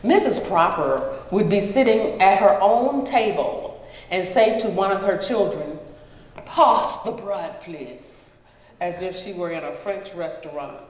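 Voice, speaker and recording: A storyteller reads a personal memoir aloud before a live gathering. The delivery is very slow and measured, each phrase set apart by pauses, at a middle pitch. The voice carries a long, roomy hall reverb.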